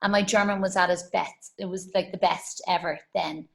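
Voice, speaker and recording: A woman's voice: fairly low pitch, steady tone, moderate pace, creaky. A middle-aged woman, a guest on a video call, chatting casually with lots of "you know". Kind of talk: casual interview chat.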